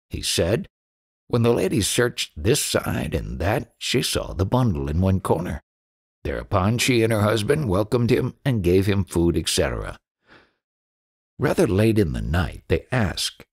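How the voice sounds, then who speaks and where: A man narrating spiritual stories in an audiobook with an expressive reading. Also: deep voice, a little slow, gravelly, slightly rough. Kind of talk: storytelling narration.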